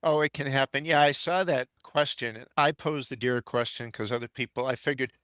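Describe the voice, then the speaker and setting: A man's voice: mid-range voice, steady tone, a little fast, a bit bright, clean tone, no echo. An older man, a gardening expert and guest on a podcast, talking thoughtfully and with firm opinions. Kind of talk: casual conversation.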